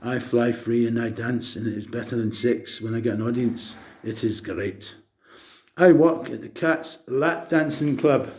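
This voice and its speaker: A man talking in a rambling monologue to camera, agitated and breaking into sudden loud outbursts. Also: medium pitch, measured pace.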